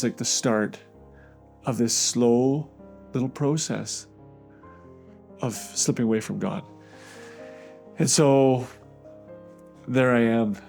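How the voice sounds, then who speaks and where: A man from Canada telling his personal testimony in a halting, conversational way, with frequent restarts and fillers. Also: mid-range voice, darkish tone. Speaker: guest sharing his testimony.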